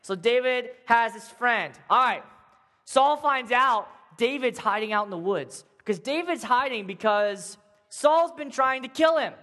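A man's voice: extremely high pitch, lively intonation, unhurried, bright, forceful tone, big-room sound. A man telling a Bible story as a casual, jokey sermon, acting out the characters for a young crowd. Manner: casual, jokey, acts out voices.

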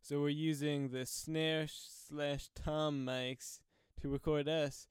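A man's voice: on the high side, flat delivery, takes it slowly, smooth, no echo. A man co-hosting a casual podcast, full of playful jokes and banter, speaking right into a close mic. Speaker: podcast co-host. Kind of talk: casual chat. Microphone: close drum mic.

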